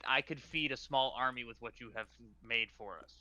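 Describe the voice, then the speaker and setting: A man's voice: medium pitch, brisk, bright, forceful tone, dry recording. A man playing a tabletop game, talking in character with an exasperated, stern, swearing manner. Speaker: player. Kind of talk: in-character tabletop role-play. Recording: dull lo-fi mic sound.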